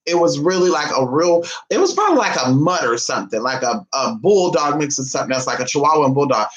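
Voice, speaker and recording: A man chats to his viewers in a loose, gossipy way, calling them y'all and honey. His voice sits a little high for a man and jumps around a lot in pitch. He drops into quiet asides, then bursts out loudly. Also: sing-song, quick pace, lo-fi sound. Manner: swings from soft asides to loud exclamations. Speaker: vlogger. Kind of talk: casual chat to viewers.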